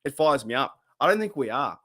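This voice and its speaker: A man's voice: medium pitch, brisk, background noise. Fired-up man hosting a livestream. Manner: excitable and rambling, fired up, greets viewers by name. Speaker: host of a fan podcast livestream. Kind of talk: casual livestream chat.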